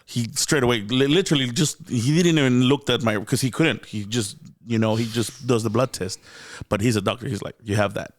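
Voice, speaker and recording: A man's voice: mid-range voice, brisk, hardly any pauses, no room sound, clean studio sound. A man with a Mexican accent, a guest comedian, telling a story in a casual interview, laughing often and acting out what people said. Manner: animated, laughing often, acts out quoted dialogue, many restarts.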